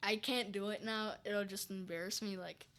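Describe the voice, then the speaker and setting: Bright, chatty woman rambling on. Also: medium pitch, fairly even intonation, moderate pace. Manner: rambling, chatty, full of fillers and restarts. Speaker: podcast guest. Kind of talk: casual chat.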